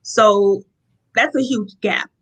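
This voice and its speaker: Bright-voiced young woman telling a story. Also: medium pitch, slow, husky, low-quality recording. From Rochester, New York. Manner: animated storytelling, acts out quotes, laughs often. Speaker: interview guest. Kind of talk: personal testimony in conversation.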